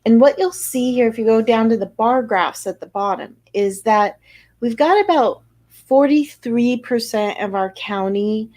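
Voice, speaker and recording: A woman's voice: a little high, a little slow, a little mellow. A woman physician with an American accent giving an informal weekly health briefing, talking over slides in a conversational way with fillers and restarts. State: a little out of breath.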